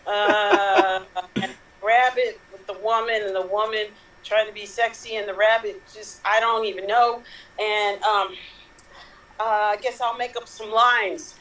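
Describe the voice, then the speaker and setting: A woman's voice: medium pitch, steady tone, slow, fairly bright tone, far from the mic, poor audio. A woman performing an improvised comedy scene, hesitant and unsure, with giggles.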